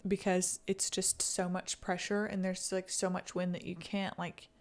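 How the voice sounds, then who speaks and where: Woman stream host, chatty and casual, slightly gravelly voice. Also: on the low side, level tone, measured pace. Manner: chatty, talks to chat, laughs often. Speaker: livestream host. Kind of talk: casual chat reacting to a video.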